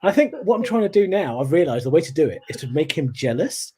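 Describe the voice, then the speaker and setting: A man doing a stand-up comedy set over a video call, animated and telling stories with acted-out voices. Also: fairly high pitch, fast talker, a little hiss or hum.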